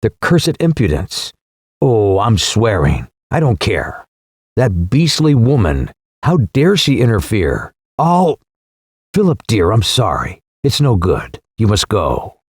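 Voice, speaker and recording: A man's voice: fairly low pitch, wildly swooping pitch, takes it slowly, slightly rough, no echo, clean studio sound, full character voice. A male narrator voicing a commanding, indignant English widow in an audiobook reading. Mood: furious. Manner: decisive, scolding.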